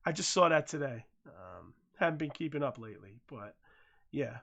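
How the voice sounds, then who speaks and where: An American podcast host giving casual, profane commentary that swings from mumbled asides to loud rants. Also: medium pitch, big pitch swings, fairly quick. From United States.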